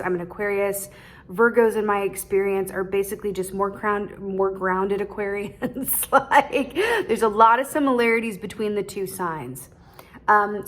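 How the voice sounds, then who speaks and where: Chatty woman giving a tarot reading. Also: mid-range voice. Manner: chatty, laughs often, frequent "right?" tag questions. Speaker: tarot reader. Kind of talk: casual tarot reading to camera.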